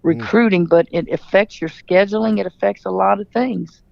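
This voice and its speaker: Gravelly-voiced woman coach. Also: mid-range voice, normal speed, dry recording, highs cut off. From Louisiana. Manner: candid, emphatic storyteller. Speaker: head coach, guest. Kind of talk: radio interview.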